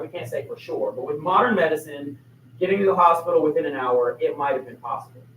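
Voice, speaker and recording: A male teacher giving a history lecture to a class, telling the story with energy and throwing questions to the students. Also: fairly high pitch. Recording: echoey room, mic far off, faint noise.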